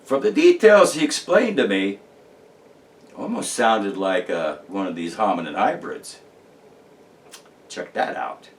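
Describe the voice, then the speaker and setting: Rambling low-voiced man, off-mic. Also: expressive, unhurried, distant mic. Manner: rambling, emphatic, frequent restarts and fillers. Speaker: paranormal researcher. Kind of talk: casual monologue to camera.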